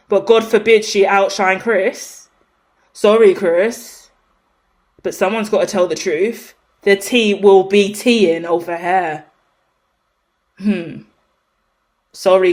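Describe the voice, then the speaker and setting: A woman ranting in a casual vlog, emphatic and swearing, swinging between loud outrage and low muttered asides. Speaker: tarot reader reacting to celebrity news. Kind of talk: impassioned casual rant.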